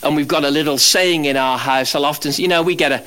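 This pastor preaches at a quick pace, his animated sermon shifting between forceful, loud passages and hushed, low moments.

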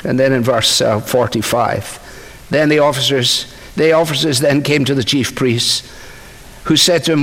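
A male preacher walking through scripture in a relaxed, conversational sermon, dropping asides to the congregation. His voice sits at an ordinary pitch and rings out with a long hall reverb. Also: normal speed.

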